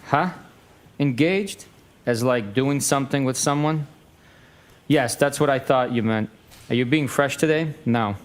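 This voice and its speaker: A man with a mid-range voice reads a text message exchange aloud. His delivery is flat and matter-of-fact, with both sides of the exchange read in the same voice. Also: mid-range voice, measured pace, pauses often.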